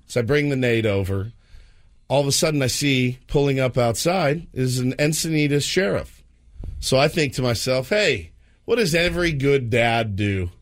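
A man's voice: mid-range voice, moderate pace. A man in his thirties, co-hosting a radio morning show, telling a story with lots of acted-out voices. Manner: animated, acts out voices in his stories.

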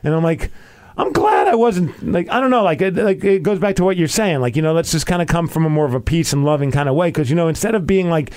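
A young man on a podcast, talking in a casual, animated way with a fairly high voice. He tells a story with lots of energy, acting out what everyone said and laughing along the way. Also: quick pace, hardly any pauses, smooth. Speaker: podcast host. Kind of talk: casual chat.

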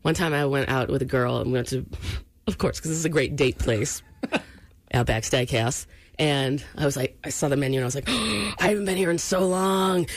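A man's voice: medium pitch, steady tone, fairly quick. A man hosting a talk show, bantering playfully and telling jokey stories. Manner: playful, joking storyteller. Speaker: radio show host.

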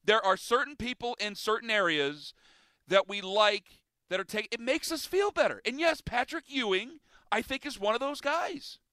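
A man's voice: very high voice, lively intonation, moderate pace, bright, forceful tone, no echo. A man from the Cleveland area hosting a sports radio talk show, making his case emphatically and repeating his points. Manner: emphatic, repetitive, argumentative.

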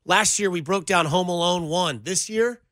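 Man, sports radio host, studio, energetic, joking, bright forceful tone, slightly high voice. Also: moderate pace, dry recording.

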